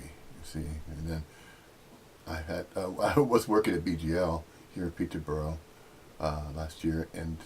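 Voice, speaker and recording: A middle-aged American man giving a rambling, teasing spiritual talk, jumping up into sudden high-pitched emphasis. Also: darkish tone, slight background noise. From United States. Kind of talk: casual spiritual monologue.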